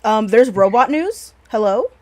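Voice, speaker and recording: A woman's voice: a little high, lively intonation, a little slow, darkish tone. A woman hosting a stream in casual chat, blunt and profane, rambling with many restarts. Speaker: stream host.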